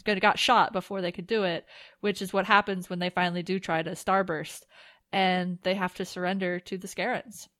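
A woman's voice: lowish voice, little pitch movement, moderate pace, fairly bright tone, no echo. Woman, casual podcast co-host, joking, fillers, dry recording. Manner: chatty, joking, full of fillers. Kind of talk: casual recap chat.

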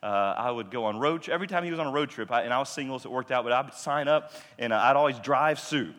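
A man's voice: mid-range voice, fast, a bit bright. A man telling a personal story in a sermon, conversational and self-deprecating, acting out the dialogue. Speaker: pastor. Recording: long reverb of a large hall.

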